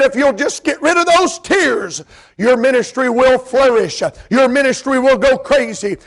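A male preacher delivering a revival sermon in a tearful state, swinging from fervent shouted bursts down to soft, quiet storytelling. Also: extremely high pitch.

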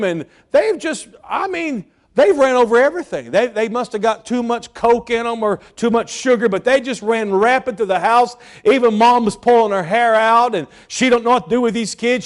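A middle-aged man preaching from the pulpit in a voice that sits high for a man. He tells homely stories, and his delivery swings from loud, excited bursts down to quiet, hushed asides. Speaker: pastor. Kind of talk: sermon.

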